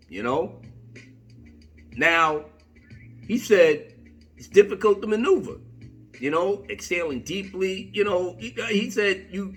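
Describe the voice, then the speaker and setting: A man giving an unscripted commentary rant, profane, slangy and animated. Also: a little high, breathy edge. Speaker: video commentator.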